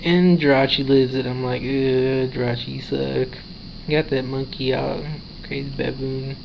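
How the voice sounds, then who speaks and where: A man's voice: medium pitch, level tone, a little slow, gravelly, a little mellow, slight background noise, low-quality recording. A man casually narrating his own game match, sleepy and yawning, retelling his reactions in a chatty way. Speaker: gaming video creator. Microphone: handheld console recording.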